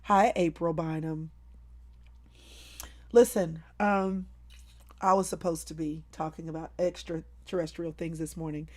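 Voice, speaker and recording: Animated woman chatting live with viewers. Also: sits low, measured pace, pauses often. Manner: animated, laughing, playful over-the-top storytelling. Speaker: live-stream host. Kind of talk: casual chat with viewers.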